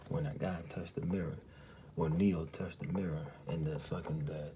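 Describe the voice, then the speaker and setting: A man with a low, deep voice tells a story in loose, profanity-laced casual talk, looping back with "you hear me?" every few lines. He keeps slipping into a breathy half-whisper, over a faint hum of room noise. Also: fairly even intonation, moderate pace. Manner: drops often into a hushed, breathy half-whisper. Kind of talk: casual spoken recounting of a dream.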